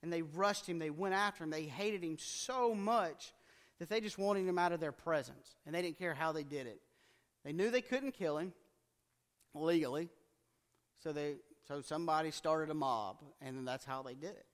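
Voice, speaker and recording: A man's voice: fairly high pitch, normal speed, long reverb tail. A man preaching a conversational sermon in a folksy manner, acting out what people in the scripture might say. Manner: folksy, acts out quoted speech in plain voice.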